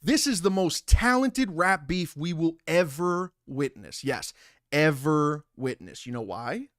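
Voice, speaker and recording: A man's voice: on the high side, very animated, takes it slowly, no room sound, clean studio sound. Profane ranting young male streamer. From Italian heritage. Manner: loud, profane, ranting, reads chat aloud. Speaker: livestream host. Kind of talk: casual livestream commentary.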